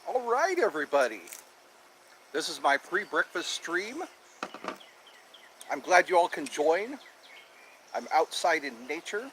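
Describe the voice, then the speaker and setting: Hosting a casual live stream out in nature with birds chirping, a chatty, cheerful man repeats himself while welcoming viewers. His fairly high voice is sing-song and a bit bright, at a measured pace with frequent pauses and slight background noise.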